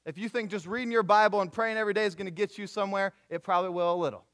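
A man's voice: high voice, rapid-fire. A young man preaching a sermon, telling stories casually and acting out the people in them. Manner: animated storytelling with voiced characters, casual slang. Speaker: youth preacher.

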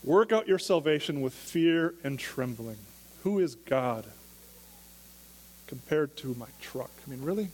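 A man's voice: on the high side, animated, unhurried, a little mellow, long reverb tail. A man preaching a sermon as pastor, talking in a conversational way and asking the listeners question after question.

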